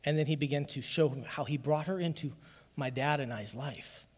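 A man preaching a sermon to his church, telling a personal testimony in an emotional, emphatic way that swells to loud emphasis. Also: a little high, moderate pace, big-room sound. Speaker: pastor.

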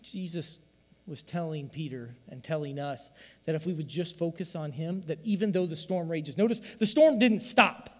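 A man preaching a sermon as a pastor, swinging from loud emphatic lines to hushed, quiet asides. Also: on the high side, normal speed, big-room sound.

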